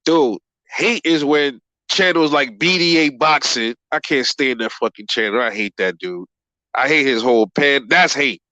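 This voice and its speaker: This livestream host's voice is medium in pitch, pushed and bright, with no room sound. He goes through viewer comments on his boxing channel profanely and rambles, quick to laugh and addressing everyone as bro.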